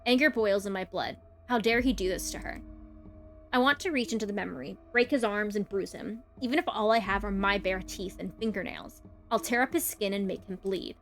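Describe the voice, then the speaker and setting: A woman reading aloud the part of a young woman, a jealous, brooding best friend, in a quiet, intense way. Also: mid-range voice, a little fast, faint music behind, close to an everyday voice. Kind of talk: reading a visual novel aloud.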